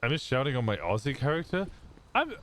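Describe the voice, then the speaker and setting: A man's voice: medium pitch, very animated, fairly quick, noisy background. A male streamer chatting casually out of character during a role-play stream, curious and swearing freely, often trailing off mid-sentence.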